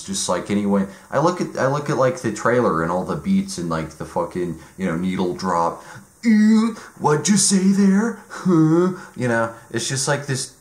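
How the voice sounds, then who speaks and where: Man, very low voice, halting deadpan rant with lots of "like" and cursing. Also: echoey room. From United States. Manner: rambling, halting, heavy on fillers and swearing. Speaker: comedic ranter.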